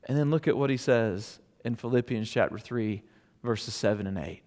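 A man preaching a sermon in a conversational, storytelling way, with loud emphatic peaks that drop to hushed near-whispers. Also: medium pitch, moderate pace, big-room sound. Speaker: pastor.

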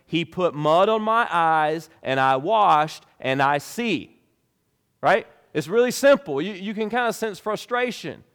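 A man preaching a sermon as pastor, with emphatic delivery that rises and drops sharply in pitch and volume. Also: big-room sound.

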